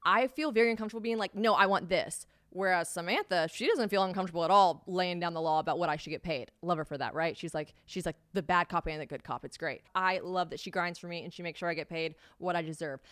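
A woman's voice: fairly low pitch, quick pace, few pauses, a bit bright, dry recording, studio quality. Candid, swearing woman podcast host. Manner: candid, profane, chatty storytelling. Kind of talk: casual solo podcast chat.

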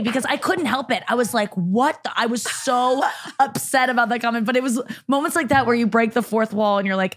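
A woman's voice: on the high side, lively intonation, fairly quick, few pauses, a little hiss or hum. A young woman comedian, a guest on a podcast, chatting candidly and laughing often. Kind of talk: casual chat.

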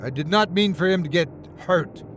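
A man's voice: fairly high pitch, sing-song, unhurried, fairly bright tone, slight background noise. Man doing a snarling, arrogant rich man. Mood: shouting. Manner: snarling and defiant. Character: rich, cruel, arrogant middle-aged man.

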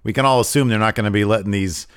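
A man's voice: fairly low pitch, racing, a bit bright, smooth, dry recording, clean studio sound. A man hosting a casual news podcast who talks in a jokey, chummy way and speculates loosely. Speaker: podcast host. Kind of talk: casual wrestling news chat.

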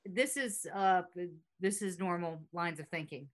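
A woman's voice: fairly low pitch, lively intonation, unhurried. A woman hosting a podcast in casual chat, reading out facts and quotes with chatty asides. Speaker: podcast host.

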